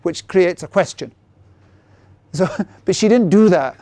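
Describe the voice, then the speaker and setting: A middle-aged man presenting a sales workshop who keeps checking in with the audience through quick tag questions. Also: high-pitched, dark tone, no room sound. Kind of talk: interactive seminar talk.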